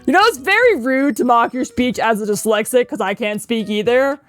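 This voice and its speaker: Excitable woman commenting on a video game. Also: on the high side, fairly quick, faint music behind. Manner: excitable, swearing, laughing, mock-imitating. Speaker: gaming streamer. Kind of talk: casual let's play commentary.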